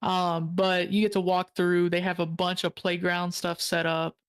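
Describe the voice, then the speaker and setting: A young woman, a guest on a stream, chatting casually and telling stories in a relaxed way. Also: on the low side, normal speed, smooth. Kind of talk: casual chat.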